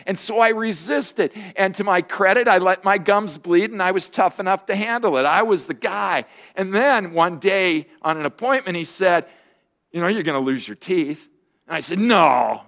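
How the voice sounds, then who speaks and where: High-voiced pastor in his fifties. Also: animated, moderate pace. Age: 50s. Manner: storytelling with humor, voice jumping high and loud in quoted lines. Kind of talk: sermon.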